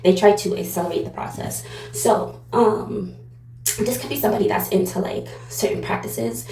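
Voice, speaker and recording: A woman's voice: medium pitch, moderate pace, mellow, roomy sound, a little hiss or hum, rough recording. A woman giving a casual pick-a-card tarot reading, rambling and digressive with lots of fillers. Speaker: tarot reader.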